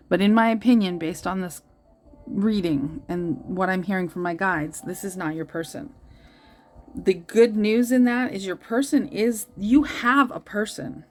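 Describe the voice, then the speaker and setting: Earnest woman reading tarot cards. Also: mid-range voice. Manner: earnest, reassuring, thinks aloud. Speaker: tarot reader.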